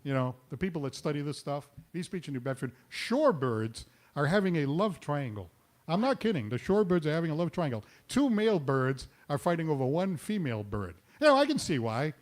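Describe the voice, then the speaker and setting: A man hosting a live comedy show in a restaurant, telling pun jokes with quick self-mocking asides. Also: on the high side, sing-song. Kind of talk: stand-up jokes and banter.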